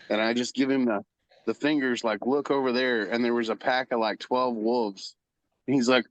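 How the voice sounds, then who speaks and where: A man in his forties with an ordinary mid-range voice jumps into the conversation with jokes and quick stories. His voice sits close and dry on the mic, with no echo. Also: mid-range voice, steady tone. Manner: joking interjections and quick anecdotes. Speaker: podcast guest. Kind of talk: casual podcast chat.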